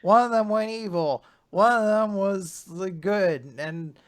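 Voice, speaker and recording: A man's voice: sits high, slow pace. A man on a podcast casually recapping manga chapters, retelling scenes and quoting lines, often laughing. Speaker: podcast host.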